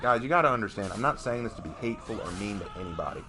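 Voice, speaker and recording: A young adult man ranting on a live stream in a casual, emphatic way, jumping up in pitch during heated outbursts. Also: rapid-fire. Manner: animated, emphatic, voice jumps high in outbursts. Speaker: streamer and commentator.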